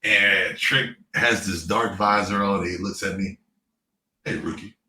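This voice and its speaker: A man in his thirties, a former pro football player, telling lively stories with laughs and playful trash talk in a casual interview. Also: low voice, a little slow. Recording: echoey room, distant mic, faint noise.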